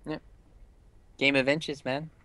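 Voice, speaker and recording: A man co-casting an online game match in relaxed, joking banter. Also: mid-range voice, takes it slowly, slight background noise. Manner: laid-back, joking. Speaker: esports co-caster. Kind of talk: casual caster banter.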